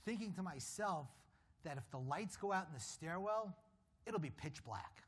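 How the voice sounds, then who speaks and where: A man speaking at a conference, telling a personal story with dramatic pauses and wry asides, his voice dropping low at grave moments. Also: expressive, breathy edge.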